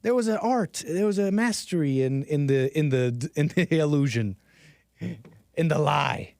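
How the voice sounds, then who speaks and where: A man's voice: a little high, lively intonation, measured pace, vocal fry, darkish tone, no room sound, clean studio sound. A man hosting a casual commentary stream, rambling with frequent restarts and laughing at his own asides. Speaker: host.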